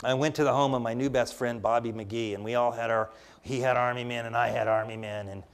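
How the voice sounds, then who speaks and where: A man's voice: mid-range voice, steady tone, a little fast, clean tone. Older man giving a rambling talk. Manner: chatty, rambling, frequent restarts. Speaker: public speaker. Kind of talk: conversational lecture with personal anecdotes.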